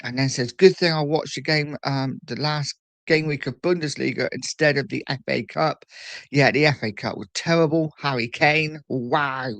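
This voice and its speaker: A man's voice: medium pitch, normal speed, creaky, fairly bright tone, no echo. A man hosting a casual morning livestream, chatting and reading out viewer messages at a desk mic. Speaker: livestream host. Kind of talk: casual live chat.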